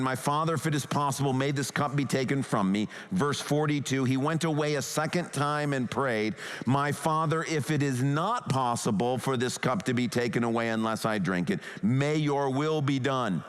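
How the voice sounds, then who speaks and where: A male pastor preaching in an unhurried, deliberate way, leaning into earnest and pleading lines. His voice sits at an ordinary pitch and rings out with a long hall reverb, as in a church sanctuary. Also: clean tone. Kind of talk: sermon.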